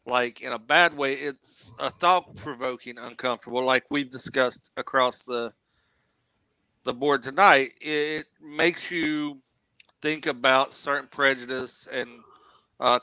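A man's voice: mid-range voice, sharp tone, clean tone, no echo, low-quality recording. A man with a Southern American accent co-hosting a casual movie review podcast, blunt and thoughtful with frequent exclamations. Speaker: podcast co-host.

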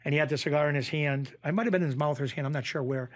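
A middle-aged man from Springfield, Massachusetts, telling stories as a podcast guest in a rambling, animated way with frequent restarts. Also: a little high, very fast, no echo. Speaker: podcast guest, former mob bookie. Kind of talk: casual storytelling interview.

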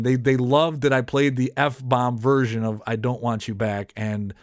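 A man's voice: medium pitch, flat delivery, unhurried, no echo, clean studio sound. A man who hosts a podcast and has worked as a radio DJ, telling a story in casual chat with many restarts. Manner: rambling, many restarts and self-corrections.

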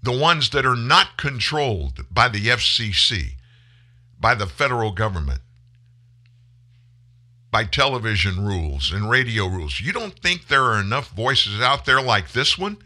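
Fiery, bright-voiced male talk host. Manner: emphatic, rising to loud outbursts then dropping low; addresses listeners as folks. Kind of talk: impassioned political monologue.

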